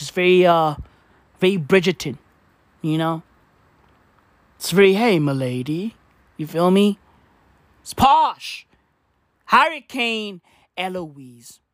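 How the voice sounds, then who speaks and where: A man's voice: high voice, sharp tone, no room sound. A man hosting a podcast in a rambling, profane comedic monologue. He repeats himself and fills his talk with slang and swearing. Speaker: podcast host.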